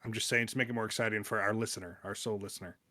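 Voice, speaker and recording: A man's voice: fairly low pitch, steady tone, racing, pushed and bright. A man co-hosting a casual film podcast, chatting in a joking way. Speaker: podcast co-host.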